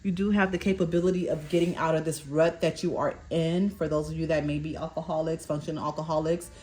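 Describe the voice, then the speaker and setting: A woman's voice: deep voice, steady tone, fast, darkish tone. A woman doing a collective fortune card reading, reading card meanings aloud, stumbling over words and checking in with "okay?". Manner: repeats "okay?" to check in with viewers. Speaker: tarot reader.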